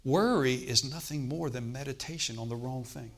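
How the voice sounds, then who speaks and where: Male preacher, mid-pitched voice, sermon testimony, conversational delivery. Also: normal speed. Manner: conversational preaching, frequent "Okay?" check-ins.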